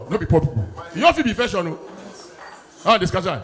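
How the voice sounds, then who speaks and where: A man with a Nigerian Pidgin accent doing an animated stand-up set, acting out his bits loudly. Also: sits high, fast talker. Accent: Nigerian Pidgin English. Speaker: stand-up comedian.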